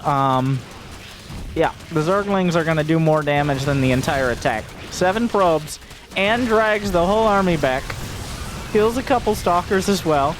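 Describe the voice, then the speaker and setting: Guy with a high voice calling a strategy game, goofy jokes, gets hyped, bit of music in the back. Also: measured pace. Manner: jokey, gets loud and excited at big plays. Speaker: esports caster. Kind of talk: game commentary.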